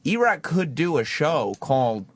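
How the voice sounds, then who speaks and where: Measured man, dry close sound. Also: a little high, very animated, slightly rough, no room sound. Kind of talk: casual talk radio discussion.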